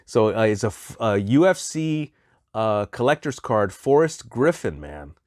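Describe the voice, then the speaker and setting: A man chatting excitedly as he unboxes a package of collectible toys, exclaiming at each find. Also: medium pitch, measured pace, dry recording, studio quality. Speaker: toy collector vlogger. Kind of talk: casual unboxing chat.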